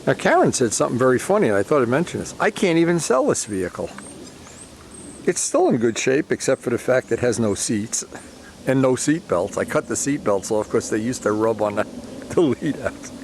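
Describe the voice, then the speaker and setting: A man talks casually to the camera in a middle-pitched voice. He rambles and grows sentimental, leaving many sentences unfinished. A faint hum of background noise sits under his voice. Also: very animated, normal speed, a little mellow. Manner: rambling, sentimental, often trails off mid-sentence. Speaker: vlogger.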